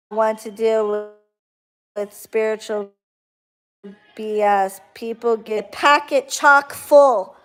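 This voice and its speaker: Woman, high voice, heated, profane, blunt, casual rant. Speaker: spiritual worker.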